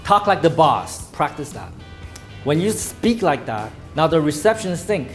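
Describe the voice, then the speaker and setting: Male sales trainer, emphatic lecturer with a higher register, commanding in role-play. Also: sing-song, normal speed, faint music behind. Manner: emphatic, acts out phone calls in a commanding tone. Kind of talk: lecture to a live class.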